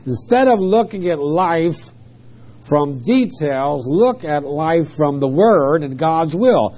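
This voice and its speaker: A man teaches an expository sermon, stressing each Greek word and grammar point with emphasis. His voice sits a little high but sounds mellow and soft-edged. The recording is muffled and lo-fi, like an old tape. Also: expressive, slow pace. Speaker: preacher.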